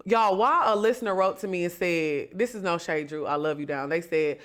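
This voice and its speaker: Speaking at a moderate pace in a lowish voice, this podcast host offers solo commentary on reality-TV gossip. She's chatty and sassy, addressing her listeners directly.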